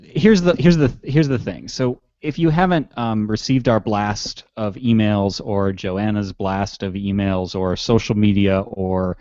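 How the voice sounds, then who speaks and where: A man's voice: fairly low pitch, measured pace, hardly any pauses, darkish tone, no room sound, lo-fi sound. A man hosting a podcast in casual chat, rambling and mocking himself with frequent chuckles. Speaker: podcast host.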